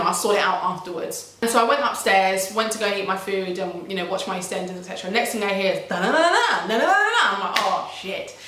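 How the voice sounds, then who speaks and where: A young woman recounts events in a lively, slangy way, leaping up in pitch whenever she quotes someone. Her voice sits at a middle pitch. It is caught from a distance in a very echoey room at home. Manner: animated, slangy, acts out quotes with high pitch jumps. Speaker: vlogger. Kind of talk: casual storytelling vlog. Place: shared house living room.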